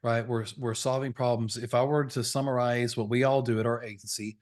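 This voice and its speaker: A man's voice: medium pitch, fairly even intonation, a little fast, a little mellow. A man around forty, coaching insurance sales over a video call in a folksy, fired-up, preachy way. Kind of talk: energetic webinar training talk.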